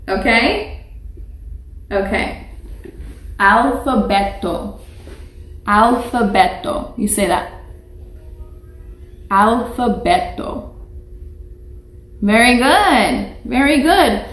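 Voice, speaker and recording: A woman teaching young children in a live online lesson, speaking patiently and repeating each word for them to echo. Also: on the high side. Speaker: preschool teacher. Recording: echoey room.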